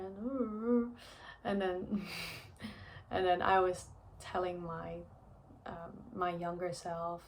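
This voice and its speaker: A woman's voice: mid-range voice, unhurried, slight background noise. A young woman telling a personal story in a chatty vlog, with lots of fillers and frequent laughs. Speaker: vlogger.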